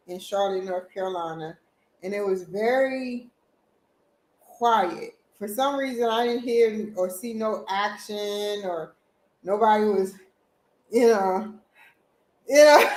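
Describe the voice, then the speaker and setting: A woman hosting her vlog, telling a personal story in a halting, emotional way with many restarts and repetitions. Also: mid-range voice, darkish tone. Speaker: vlog host. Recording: roomy echo.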